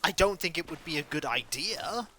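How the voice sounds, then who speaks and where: Lively, bright-voiced male game streamer. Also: fairly high pitch, moderate pace, slight background noise. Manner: animated, chatty storytelling. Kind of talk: casual chat while playing a game.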